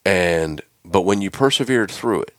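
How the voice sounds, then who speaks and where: Male podcast host, very low voice, dry close mic, easygoing interviewer. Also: animated, normal speed, a bit bright, no echo. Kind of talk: casual interview chat.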